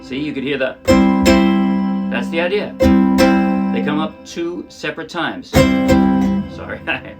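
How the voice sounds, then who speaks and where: Man teaching ukulele over loud playing. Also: on the high side, takes it slowly, pauses often, loud music behind the voice. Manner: relaxed, explanatory, checks in with "right?". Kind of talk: casual music tutorial. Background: his own ukulele playing under the voice.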